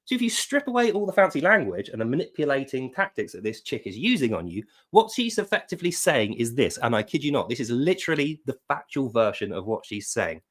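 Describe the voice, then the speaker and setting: A man picks apart a statement with mocking sarcasm, his pitch leaping up and down as he talks. He sits in the middle range, neither high nor low, and keeps a lively, theatrical commentary going. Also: a little fast, few pauses. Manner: mocking, reads quotes aloud in put-on voices. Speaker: online commentator.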